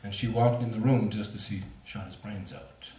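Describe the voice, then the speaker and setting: A man's voice: lowish voice, steady tone, moderate pace, mellow, slight background noise. A middle-aged man speaking to an audience, telling a personal story in a candid, self-mocking way with laughs. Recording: roomy hall, voice from far off.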